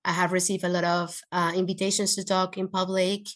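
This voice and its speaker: A woman's voice: on the low side, brisk. Earnest woman telling her story animatedly. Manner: earnest, emotional personal storytelling; animated, with frequent restarts. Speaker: interview guest, entrepreneur. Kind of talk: conversational podcast interview.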